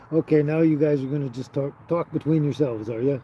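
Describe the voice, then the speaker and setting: A man's voice: fairly high pitch, moderate pace, dark tone, highs cut off. Easygoing man livestreaming outdoors. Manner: easygoing, chuckles often, trails off with fillers. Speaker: livestream host reading viewer chat. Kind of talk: casual live chat. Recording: outdoor livestream with noticeable traffic noise.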